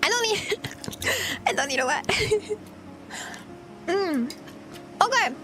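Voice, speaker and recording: A woman's voice: extremely high pitch, big pitch swings, slow pace, music in the background. A woman VTuber streamer chatting casually with viewers while she eats, giggly and rambling. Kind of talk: casual livestream chat.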